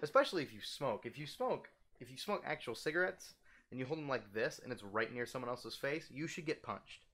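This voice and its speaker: A young man ranting casually, animated and profane, his voice jumping up when heated. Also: a little fast. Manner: animated, swearing, heated, with sudden pitch jumps. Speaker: vlogger ranting.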